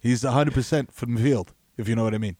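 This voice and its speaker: A slow, meandering sports-radio host, as a man impersonates him, mid-pitched and dry. He fills every pause with uh and you know. The delivery is unhurried and flat. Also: no room sound, lightly acted. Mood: deadpan.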